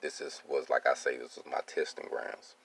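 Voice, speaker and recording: Man: a very low voice with gravel in it, casual and streetwise, keeps checking in with the listener. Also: flat delivery, normal speed, a bit bright. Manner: streetwise, keeps asking "you see what I'm saying". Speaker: welding business owner. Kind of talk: casual personal monologue.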